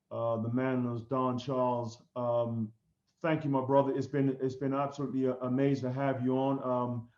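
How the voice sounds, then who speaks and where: A male podcast host speaks in a flat, even voice, formal and courteous, and fills his pauses with ums and uhs. The audio has a roomy echo and sounds dull and lo-fi. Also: mid-range voice. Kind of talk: interview sign-off. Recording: echoey, dull lo-fi room audio.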